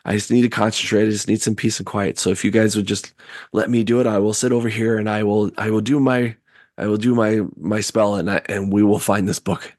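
A man voicing a jittery male spellcaster companion who stammers and rushes his words in a tabletop game. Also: on the low side, flat delivery, darkish tone, no room sound, clean studio sound, lightly acted. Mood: eager.

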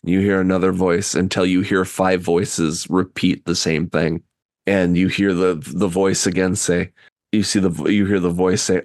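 A man running a tabletop game as game master, narrating loosely with halting pauses. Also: sits low, flat delivery, darkish tone, no room sound, studio quality.

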